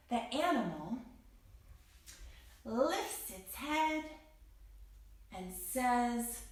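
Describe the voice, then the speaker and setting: A woman reads a yoga story aloud for children at a very unhurried pace, her voice sitting a little high. She turns playful, calling out bright greetings. She stands back from the mic in a very echoey room. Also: sing-song. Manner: playful, greets the listener with bright rising calls. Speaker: kids yoga teacher. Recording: roomy echo from far off.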